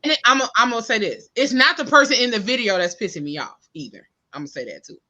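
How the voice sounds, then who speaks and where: A woman co-host talks in loose, slangy bursts, circling back on her words. Her voice sits high and bright. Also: quick pace, muffled recording, slight background noise. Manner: animated, repetitive, slangy. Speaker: podcast co-host. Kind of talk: casual chat.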